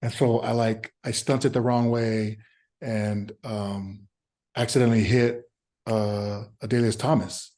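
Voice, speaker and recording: A man in his thirties, a former pro football player, answering interview questions in a halting, easygoing way with frequent filler sounds and restarts. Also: fairly low pitch, steady tone, mellow. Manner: easygoing, acts out remembered exchanges.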